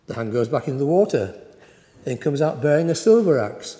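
A man's voice: a little high, very animated, brisk, mellow. Wry male preacher in echoing church. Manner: conversational storytelling, wry. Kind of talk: sermon. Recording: echoey church hall.

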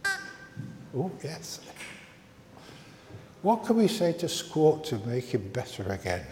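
A man leading a church service, reading scripture and then speaking to children in a measured, expressive way. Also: on the high side, slight background noise. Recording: echoey, reverberant large room.

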